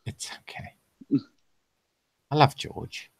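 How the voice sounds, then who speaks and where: A man's voice: slow pace, no echo, whispered. A man hosting a casual livestream Q&A, laid-back and sweary, laughing often and calling people mate over a video call. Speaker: host.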